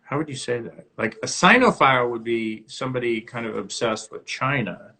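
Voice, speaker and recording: At normal speed and medium pitch, a man chats aimlessly on his own phone livestream from home, breaking off at times to scold his barking dog. His tone comes across as sharp.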